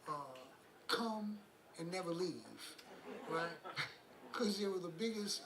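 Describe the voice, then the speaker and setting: A man's voice: high voice, very animated, slow pace, creaky, over a noisy crowd. A New man, a musician guest, telling rambling anecdotes in a casual interview, chuckling and acting out the voices of people in his stories. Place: room on a cruise ship. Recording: roomy with background noise.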